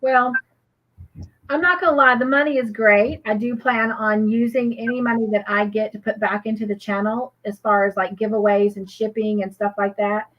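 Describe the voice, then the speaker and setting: A woman's voice: mid-range voice, fairly even intonation, moderate pace, dull audio. A woman co-hosting a live crochet show, chatting casually and reading viewers' comments aloud with gushing reactions.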